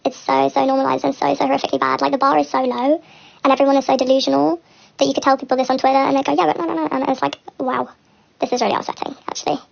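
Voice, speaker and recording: A young woman speaks in a high, gravelly voice full of fry. She rambles quickly through a personal story on a livestream, candid and laughing nervously, and the lo-fi stream audio sounds dull. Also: flat delivery.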